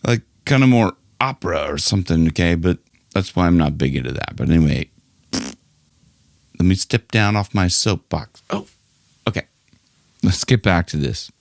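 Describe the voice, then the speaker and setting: A middle-aged man teaching singing in a casual, chatty online lesson, who keeps breaking into loud nasal sung demonstrations. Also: low-pitched, animated, normal speed, gravelly, pauses often, dry recording. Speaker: vocal coach.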